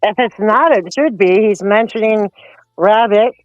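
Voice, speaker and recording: A man's voice: sits high, a little slow. A man on a live-stream panel, teasing and sarcastic, heard over muffled lo-fi call audio. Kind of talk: casual live-stream banter.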